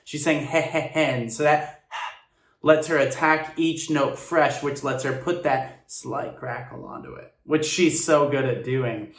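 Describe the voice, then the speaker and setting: A man's voice: mid-range voice, unhurried, a bit bright, far from the mic. Enthusiastic man analyzing singing, echoey. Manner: analytical, enthusiastic, apologetic asides. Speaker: actor reacting to a song. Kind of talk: reaction and vocal analysis. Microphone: phone. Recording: echoey room, a little off the mic.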